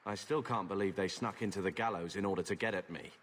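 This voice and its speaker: Actor as a surly young warrior, blunt, lowish voice. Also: male voice, quick pace, slight background noise, lightly acted.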